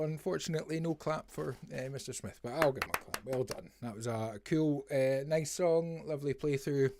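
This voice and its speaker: A man's voice: a little high, darkish tone, slight background noise. A man hosting a music review livestream in a rambling, jokey way, full of "eh" fillers. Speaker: podcast host reviewing songs. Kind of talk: casual livestream chat.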